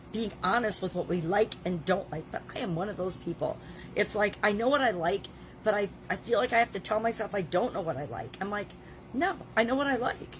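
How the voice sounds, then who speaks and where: A woman in her sixties with a cold and a scratchy throat, talking in a daily video journal in an emphatic, plain-spoken way, coughing now and then. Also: mid-range voice. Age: 60s. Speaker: vlogger.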